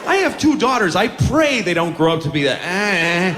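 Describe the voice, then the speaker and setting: A man's voice: sits high, very animated, moderate pace, fairly bright tone. A man performing a stand-up comedy routine, telling stories in a rambling, exasperated way. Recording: live venue with long reverb and noise.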